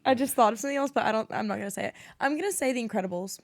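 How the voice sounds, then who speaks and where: A woman co-hosts a relaxed podcast talk. Her voice sits a little high and has a gravelly fry. She giggles often and answers in short bits. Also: very fast. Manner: giggly, short agreeing replies. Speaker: podcast co-host. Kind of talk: casual chat.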